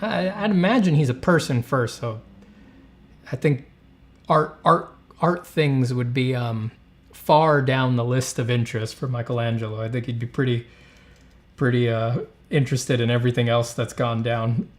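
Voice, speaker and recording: Brief: a male artist host chatting casually, rambling, with fillers and restarts, mid-pitched. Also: moderate pace. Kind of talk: casual podcast chat.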